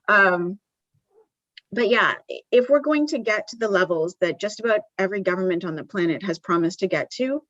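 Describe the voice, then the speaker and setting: A woman's voice: mid-range voice, expressive, normal speed, a bit bright, dry recording, lo-fi sound. A woman giving a live conference presentation in a conversational way, with frequent ums and restarts. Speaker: conference speaker. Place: conference venue.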